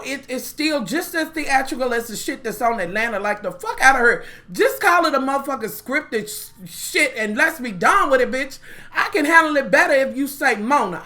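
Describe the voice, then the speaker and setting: A woman's voice: on the high side, bright, forceful tone. A young woman vlogger giving a blunt, foul-mouthed, exasperated rant reviewing reality TV. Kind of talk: profane ranting commentary.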